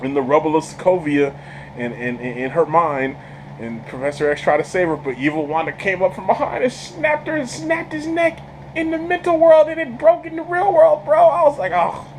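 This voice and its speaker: Excitable, slangy man reviewing a film. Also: high-pitched, moderate pace, slight background noise, low-quality recording. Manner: excitable storyteller, stammers repeated words, laughs often, slangy. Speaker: channel host reviewing a film. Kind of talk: casual spoiler movie review.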